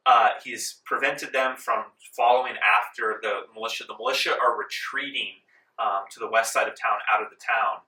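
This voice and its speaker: A man narrating as game master in a tabletop game, relaxed, with many ums, in a library meeting room. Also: medium pitch, moderate pace. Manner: relaxed, full of ums, laughs along. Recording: roomy echo, distant mic.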